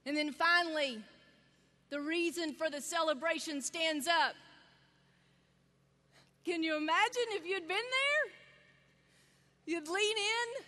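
A woman giving a sermon, telling the story with lively energy and acting out the voices of the people in it. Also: very high voice, slow pace, long pauses. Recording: long reverb of a large hall.

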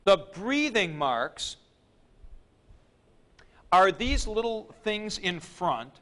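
A man teaching a Greek grammar lecture at a board, deliberate and methodical, with dry joking asides. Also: high voice, big pitch swings, a bit bright. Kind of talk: classroom lecture.

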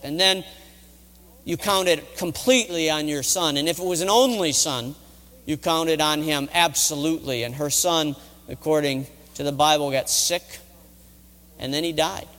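A man's voice: a little high, fairly bright tone. A middle-aged man, a college chaplain, retelling a Bible story in a dramatic sermon. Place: college chapel. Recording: reverberant chapel hall.

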